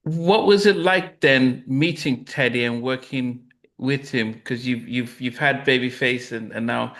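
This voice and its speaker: A man's voice: medium pitch, measured pace, a bit bright. A man hosting an interview, asking questions that stumble and restart often. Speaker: interview host.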